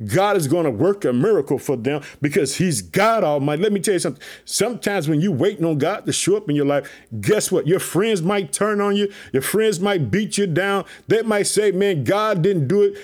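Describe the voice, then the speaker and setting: Pumped-up high-voiced preacher man. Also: brisk. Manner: excited, repetitive preaching catchphrases. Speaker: pastor. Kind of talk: energetic podcast sermon.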